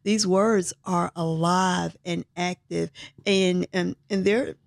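Gravelly-voiced lady cheering folks on to read their bibles, animated, dry sound. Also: on the low side, slow pace, no room sound. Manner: encouraging, affirming, animated. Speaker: co-host. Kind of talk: devotional teaching talk.

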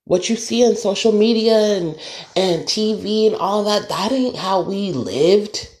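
Gravelly, emphatic podcast host venting. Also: mid-range voice, a little slow, a little mellow. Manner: emphatic, repetitive, swearing. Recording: roomy echo.

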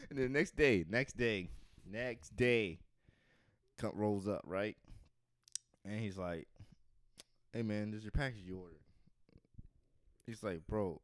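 A man's voice: fairly low pitch, big pitch swings, normal speed, pauses often, dry recording, studio quality. A man co-hosting a comedy podcast, telling a story and acting out both sides with laughter. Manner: acts out both sides of scenes, laughing often. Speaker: podcast co-host. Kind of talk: comedic storytelling with character voices.

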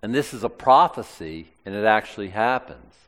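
A man's voice: lowish voice, expressive, normal speed, fairly bright tone, in a large hall. A male preacher reading aloud from the Bible and commenting on it in plain, conversational asides during a sermon.

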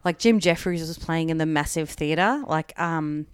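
A woman's voice: sits low, a little slow, clean tone, dry recording, studio quality. A woman comedian telling a long story in casual chat, full of "like" and acting out the quoted lines. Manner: chatty, peppered with "like", acts out quoted dialogue.

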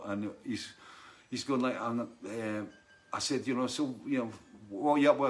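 A man's voice: mid-range voice, a little fast. Guy rambling on his live show, laughing a lot, greeting viewers by name. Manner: rambling, laughs often, many restarts. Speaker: host of a live online show. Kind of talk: casual chat reading out viewer names.

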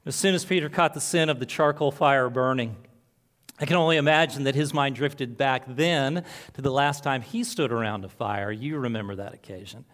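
A male pastor preaching a sermon earnestly, moving between soft, slow passages and emphatic lines. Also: medium pitch.

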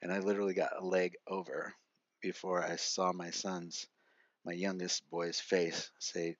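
Earnest low-voiced man telling his story. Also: level tone, unhurried, no room sound. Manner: earnest, frequent "right?" asides, chuckles. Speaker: podcast guest. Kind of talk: personal storytelling. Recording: dry, slightly muffled lo-fi audio.

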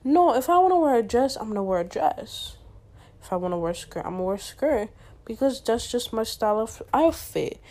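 A woman's voice: fairly high pitch, sing-song, a little fast, warm tone. A teenage girl hosting her own podcast, talking candidly in a slangy, chatty way with lots of fillers. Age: teens. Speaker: podcast host. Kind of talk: casual solo podcast chat.

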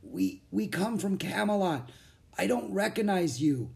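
A man reading an audiobook, voicing a weary older knight with a hoarse, breathy voice who speaks slowly and weakly. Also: high-pitched, lively intonation, darkish tone, pitched above the performer's own voice, heavily acted. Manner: slow, weak and gasping. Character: weary, rough-faced older male knight.

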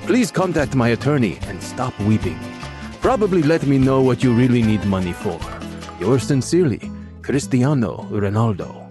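A man reading as a scammer posing as a soccer star, delivered in a mock Brazilian accent. The voice sits at a middling pitch and swings widely in tone, with music clearly audible behind it. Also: very animated, normal speed, close to an everyday voice. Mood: mock-earnest. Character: scam-letter writer posing as a soccer star.

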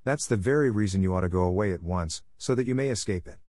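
A man's voice: low voice, fast, a little mellow, no room sound, clean studio sound, natural voice. A man voicing a cheerful teenage boy who talks in a coaxing, wheedling way in a storybook reading.

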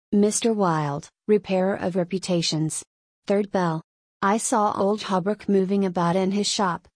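A woman narrating an audiobook in a steady, measured reading voice. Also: mid-range voice, dry recording.

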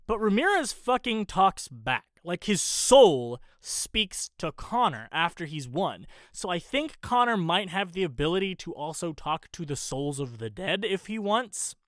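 A man casually recapping a movie, animated and swearing a lot, acting out the characters' lines as he goes. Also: high voice, no echo, studio quality.

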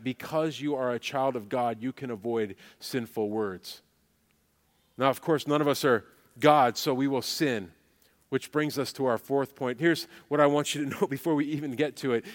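A man's voice: medium pitch, long reverb tail. A man preaching a sermon as pastor, emphatic and repeating phrases for weight.

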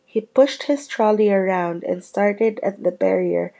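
Husky woman reading a book aloud. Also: mid-range voice, unhurried. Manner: steady storytelling with small slips and restarts. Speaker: reader.

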